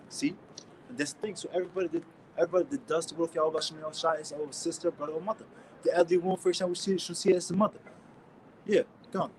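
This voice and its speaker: German-accented man, street-preacher type, casual scripture talk, slightly high voice, faint noise behind. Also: steady tone, racing, rough recording. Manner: casual slangy talk with many restarts, reads verses louder. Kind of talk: informal scripture teaching.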